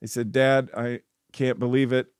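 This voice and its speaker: A man preaching a devotional sermon as a pastor, telling stories earnestly and dropping his voice softly for the reflective parts. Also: mid-range voice, normal speed, clear, resonant tone, no echo, studio quality. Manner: earnest storytelling, rising when animated, dropping soft for reflection.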